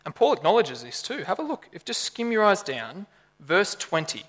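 A man preaching a sermon with a high, bright voice. He talks in a lively, conversational way and keeps asking the congregation rhetorical questions. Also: moderate pace, long reverb tail.

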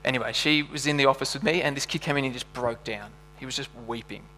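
A man's voice: medium pitch, fairly even intonation, fast talker, bright, forceful tone. Earnest man preaching in echoey hall. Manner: earnest, builds to passionate emphasis. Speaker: pastor. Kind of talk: sermon.

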